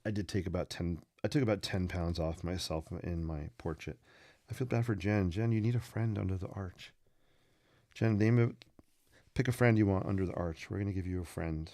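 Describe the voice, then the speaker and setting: Gravelly-voiced man hosting a sketch stream. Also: low voice, brisk, warm tone. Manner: playful, punning, chatty with viewers. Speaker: host of a live sketching stream. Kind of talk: casual live-stream chat while drawing.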